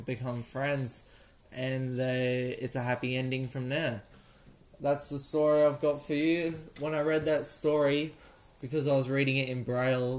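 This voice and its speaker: An Australian man hosting his own show, telling a story in a casual, rambling, jokey way with many restarts. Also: mid-range voice. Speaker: podcast host.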